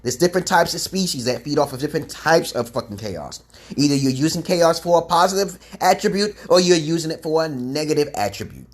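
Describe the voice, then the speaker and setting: A man's voice: on the high side, lively intonation, brisk. A man rambling through a preachy livestream monologue on a webcam mic, swearing freely and greeting chat viewers as he goes. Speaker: livestream host giving self-styled advice.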